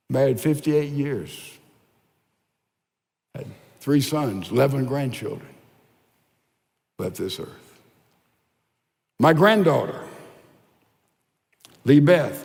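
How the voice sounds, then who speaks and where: An older man preaching a sermon as pastor. His delivery is emphatic and at times drops to soft, hushed lines. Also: mid-range voice, vocal fry. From United States. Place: large church sanctuary. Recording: reverberant large church hall.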